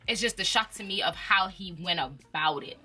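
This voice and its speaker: A young woman with a lowish, husky voice chats casually about reality TV at a moderate pace. As a reality TV commentator, she's animated and chatty, full of slang and frequent laughter.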